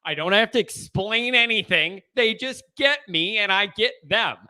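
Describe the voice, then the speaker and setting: A man's voice: sits high, expressive, moderate pace, bright, forceful tone, smooth. A man with a Midwest American accent hosting a sports call-in show, chatting casually and getting fired up, repeating himself. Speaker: host of a fan call-in show. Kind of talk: casual chat.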